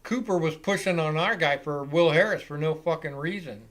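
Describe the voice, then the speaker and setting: A man hosting a live football reaction show, giving excitable, profane play-by-play commentary. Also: on the high side, normal speed. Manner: excitable and profane, swears freely.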